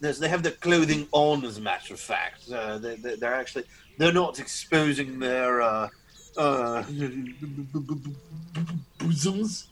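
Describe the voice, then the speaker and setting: A man's voice: medium pitch, measured pace, a bit bright, low-quality recording. A man playing a pompous, flustered old-fashioned journalist in an improvised comedy sketch.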